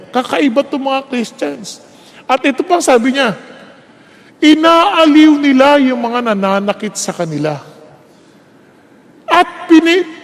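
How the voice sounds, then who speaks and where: A man's voice: extremely high pitch, in a large hall. A man with a Filipino accent preaching a sermon, mixing English and Tagalog and driving points home with emphatic words and rhetorical questions. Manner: emphatic, stresses key words.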